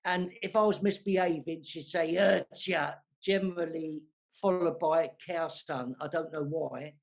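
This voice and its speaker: A man's voice: a little high, steady tone, normal speed. A man in his sixties with a London accent, a guest chatting casually on a panel over a video call, self-deprecating and full of restarts. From South London. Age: 60s.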